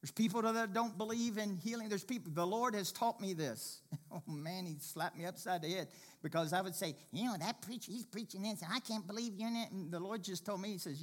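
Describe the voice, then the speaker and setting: A man preaching a sermon as pastor, swinging from impassioned loud passages to hushed, quiet ones. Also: sits high, a little fast.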